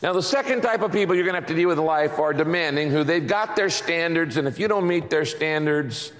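A man's voice: on the high side, fairly quick. A middle-aged man preaching a sermon as a pastor, emphatic and repeating his catchphrases for the congregation. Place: large church sanctuary. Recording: long reverb of a large hall.

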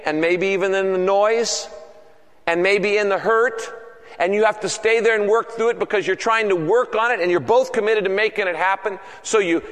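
A man's voice: sits high, fairly bright tone, long reverb tail. A male pastor preaching a sermon in an earnest, repetitive cadence.

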